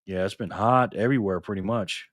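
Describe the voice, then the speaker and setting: A man's voice: fairly low pitch, brisk, no room sound, studio quality. A man from Rochester, New York, hosting a live stream and chatting casually with viewers, greeting them by name as he reads their comments aloud. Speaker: livestream host.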